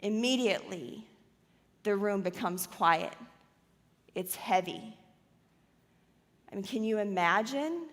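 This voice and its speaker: Woman pastor, slow dramatic sermon storytelling, long church-hall reverb. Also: mid-range voice, animated. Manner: dramatic retelling, swings from loud to hushed. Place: church auditorium.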